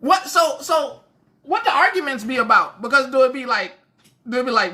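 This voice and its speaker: A woman's voice: on the high side, animated, unhurried, bright, forceful tone. A woman hosting a casual livestream, reacting with laughter and bewildered repeated questions. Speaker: livestream host.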